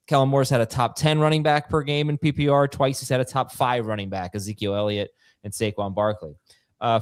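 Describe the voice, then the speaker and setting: A man hosting a fantasy football talk show, energetic and excitable as he rattles off news headlines. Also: mid-range voice, no echo, studio quality. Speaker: host. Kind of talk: studio sports talk show.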